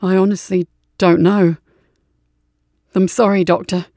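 A woman's voice: fairly low pitch, flat delivery, unhurried, dark tone, no echo, studio quality. A woman voicing a confused wounded soldier. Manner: urgent, bewildered questions.

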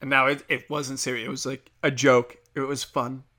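Bright, profane man ranting solo. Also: medium pitch, little pitch movement, moderate pace. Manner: crude, profane, rambling rants. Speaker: podcast host. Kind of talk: casual solo monologue.

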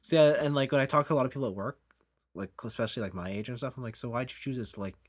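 A man's voice: mid-range voice, rapid-fire, slightly rough. A man in his late twenties co-hosting a podcast, talking in a laid-back way, with lots of "like" and agreeing. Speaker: podcast co-host. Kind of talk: casual chat.

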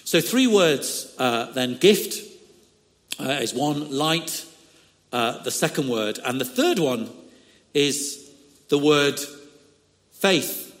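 A man preaching a sermon with slow, emphatic phrasing and frequent "uh" fillers. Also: on the high side, animated, long reverb tail.

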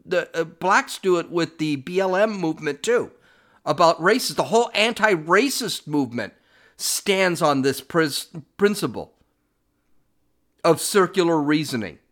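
Middle-aged male podcast host, blunt sarcastic commentary, animated and fairly high voice. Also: measured pace. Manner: blunt, sarcastic, repeats himself with restarts. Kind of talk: opinionated commentary on played clips.

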